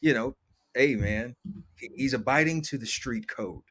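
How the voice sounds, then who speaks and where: A man's voice: medium pitch, measured pace, fairly bright tone. A man co-hosts a podcast and chats casually about a TV episode. His voice sits in the middle range, and his delivery is easygoing. He adds wry asides and drops "man" into his sentences. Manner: laid-back, wry asides, says "man" a lot. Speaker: podcast co-host. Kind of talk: casual chat recapping a TV episode.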